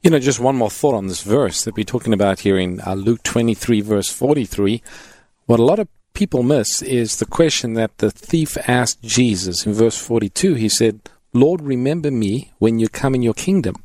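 A man co-hosting a call-in Bible radio program, introducing callers and adding measured comments on scripture. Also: mid-range voice, lively intonation, a little mellow, dry recording. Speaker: radio co-host. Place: radio studio.

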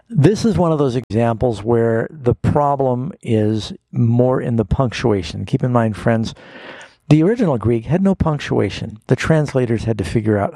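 A man answers a caller's Bible question in a patient, folksy tone. His voice is gravelly and mellow, and it is recorded dry and close. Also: medium pitch, dry recording. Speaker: radio Bible program host, pastor.

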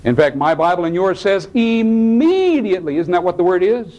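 A man delivers a sermon with great drama, his fairly high voice climbing high and then sinking to a near whisper. He stretches out key words and slips into the voices of the people he quotes. The pitch moves all over the place from line to line. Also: big pitch swings, normal speed, lo-fi sound. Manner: dramatic, swings from soaring to hushed. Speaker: pastor.

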